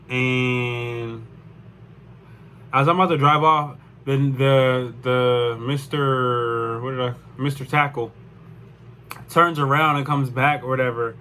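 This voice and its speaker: Bright-voiced young man rambling a story. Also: medium pitch, a little hiss or hum. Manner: rambling, profane, lots of "like". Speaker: vlogger. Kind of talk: casual storytime.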